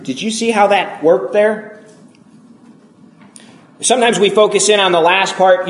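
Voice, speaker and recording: A male pastor delivers a sermon in an earnest, emphatic way, stacking repeated phrases to drive each point home. His voice sits high for a man. The sound carries a noticeable room echo. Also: normal speed, long pauses.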